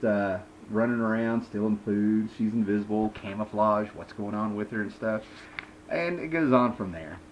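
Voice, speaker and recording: A man's voice: on the low side, a little hiss or hum, poor audio. A man in his thirties giving a casual, rambling, sarcastic review of old comic books. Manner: rambling, sarcastic, lots of fillers.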